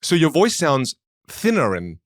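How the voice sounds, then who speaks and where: A man in casual podcast chat, explaining things in an animated way and acting out people's reactions. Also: fairly high pitch, measured pace, dry recording, clean studio sound.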